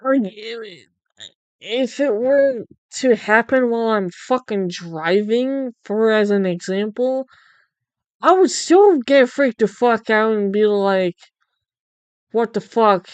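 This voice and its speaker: A woman's voice: fairly high pitch, slow, a little mellow, clean tone, no room sound, dull audio. A young woman livestreamer chatting casually, incredulous and swearing freely. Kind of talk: casual chat while drawing.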